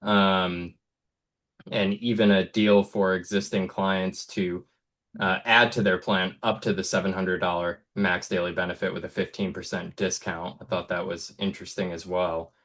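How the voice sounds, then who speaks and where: A man's voice: sits low, level tone, moderate pace, a bit bright. An American man hosting an insurance study group call, talking casually and thinking aloud with many fillers. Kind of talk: casual webinar discussion.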